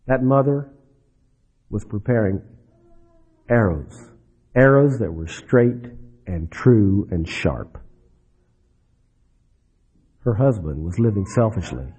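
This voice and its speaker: A man preaching a sermon, dropping low and soft then rising for emphasis. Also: slightly rough. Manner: dramatic, swings between soft drops and rising emphasis. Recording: dull lo-fi recording.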